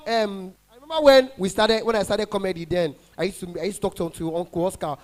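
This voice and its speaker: A man's voice: high voice, fast talker, hardly any pauses. A Nigerian man performing stand-up comedy as an event MC, bantering with the crowd and mixing in pidgin. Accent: Nigerian English. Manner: banters with the audience, mixes in pidgin.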